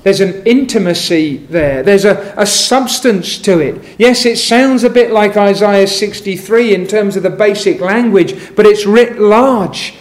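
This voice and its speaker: A middle-aged man preaches in a fairly high voice. He takes his time, measured and emphatic, and quotes scripture along the way. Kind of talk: sermon.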